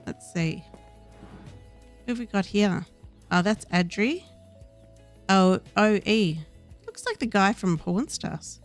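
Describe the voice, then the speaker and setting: A woman's voice: medium pitch, animated, slow, pauses often, faint music behind. A woman casually talking through a game as she plays, reading the game's dialogue aloud in her own voice. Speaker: gaming host. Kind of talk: casual gameplay commentary.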